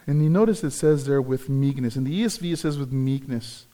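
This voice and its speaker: A man's voice: medium pitch, fairly quick, mellow. A man preaching a sermon as pastor, earnest and repeating key phrases for emphasis.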